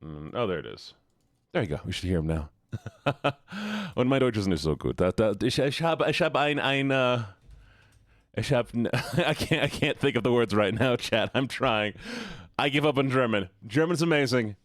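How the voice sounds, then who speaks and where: A man's voice: mid-range voice, animated, moderate pace, a bit bright, no echo. A young man streaming, chatting casually with viewers in a rambling way, repeating words and laughing often.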